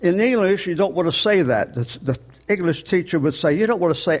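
An older man delivers a sermon in a notably high voice. He explains scripture patiently, step by step, and draws out the words he wants to land. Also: lively intonation, a little mellow. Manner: plain teaching tone, slows on key words, explains scripture step by step. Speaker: preacher.

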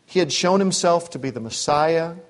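A man's voice: on the high side, lively intonation, normal speed. A man preaching a sermon in a conversational way, with asides and acted-out quotes. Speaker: pastor. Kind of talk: expository sermon.

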